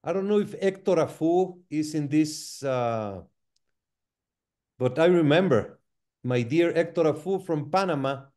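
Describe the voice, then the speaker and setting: A man leads an online seminar discussion. His voice is soft and mellow, a touch on the high side. He speaks slowly, weighing each word like a patient moderator. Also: animated. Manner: measured, unhurried moderator. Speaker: host of referee masterclass.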